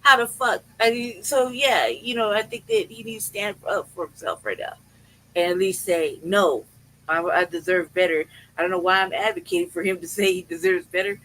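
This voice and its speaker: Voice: mid-range voice, a little fast, bright, forceful tone, a little hiss or hum, low-quality recording. A podcast host in casual chat, ranting with lots of swearing and frequent laughter while questioning their own feelings aloud. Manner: profane, laughing rant that questions itself.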